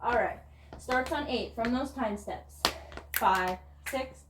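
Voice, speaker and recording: A woman with a somewhat high voice teaches tap, briskly calling steps and counts in an encouraging tone. Her voice rings around an echoey studio, and loud tapping clicks fill the background. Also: distant mic, heavy background noise. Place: dance studio.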